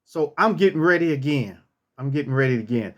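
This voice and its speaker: A man's voice: a little high, expressive, fairly quick, dull audio. A man casually telling a personal story, acting out what people said and repeating phrases for effect.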